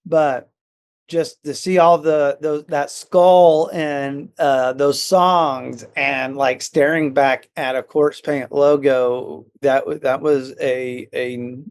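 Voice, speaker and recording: A middle-aged man, a musician guest on a podcast, telling stories in an excited, rambling way full of fillers and restarts. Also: mid-range voice, slow pace, smooth. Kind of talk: casual storytelling chat.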